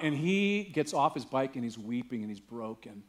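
A man's voice: mid-range voice, lively intonation, unhurried. Man preaching a conversational sermon. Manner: conversational storytelling, rising to emphatic preaching. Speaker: pastor. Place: church.

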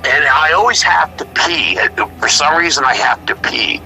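A middle-aged male musician talking casually in an interview, animated and blunt, acting out what others said. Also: fairly high pitch, normal speed, gravelly, music in the background, poor audio. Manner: animated storyteller, acts out quotes, swears freely. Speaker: musician guest.

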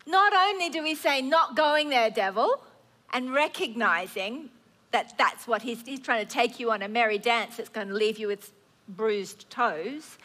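A woman in her fifties preaching a sermon, earnest and animated, acting out prayers and worries aloud. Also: a little high, moderate pace.

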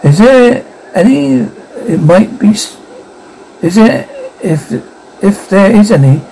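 A nervous, hesitant young man, read by a man who falters over his words. The voice is gravelly and mellow. It is a storybook read aloud. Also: sits high, expressive, takes it slowly, a little hiss or hum, voice pushed up, full character voice, low-quality recording. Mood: uneasy. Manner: faltering and uncertain.

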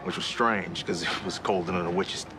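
An actor playing an offhand neighbor witness. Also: male voice, low voice, steady tone, moderate pace, noisy background, natural voice. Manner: offhand, rambling. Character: casual male neighbor witness.

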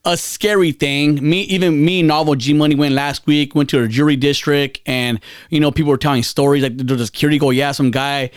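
A man's voice: fairly high pitch, steady tone, fairly quick, few pauses, clean tone, dry recording, clean studio sound. A man hosting a podcast, rambling through a story in casual chat, stammering, repeating words and swearing freely. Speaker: podcast host.

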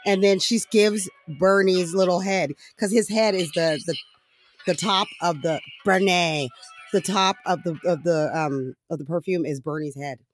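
A man's voice: sits high, fairly even intonation, unhurried, faint music behind. A man hosting his own podcast, ranting casually with lots of swearing and sarcasm, often breaking into laughs and rambling with fillers. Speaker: podcast host. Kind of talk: casual solo political rant.

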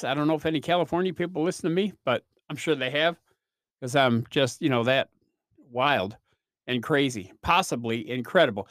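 With clean studio sound and no echo, a podcast host talks alone in a relaxed way. He spins meandering, self-mocking stories full of fillers, his voice sitting a little high.

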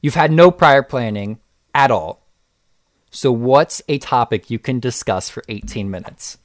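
A young man rambles through a relaxed podcast chat, often restarting his sentences. His voice sits in an ordinary middle register and is recorded dry and close, with no room sound around it. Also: mid-range voice, measured pace, no echo. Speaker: podcast co-host. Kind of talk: casual chat.

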